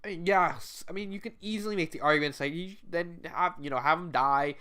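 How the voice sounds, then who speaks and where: A man's voice: fairly high pitch, brisk, bright, forceful tone, clear, resonant tone. Tearful man giving a rambling, casual spoken review. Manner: rambling, emotional, many restarts and fillers. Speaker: fan fiction reviewer.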